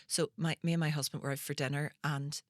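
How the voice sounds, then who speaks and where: A woman's voice: sits low, fast, no room sound, studio quality. A Northern Irish woman, a comedian hosting a podcast, telling comic stories in casual chat and acting out the people in them. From Northern Ireland. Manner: animated storyteller acting out voices, swears freely.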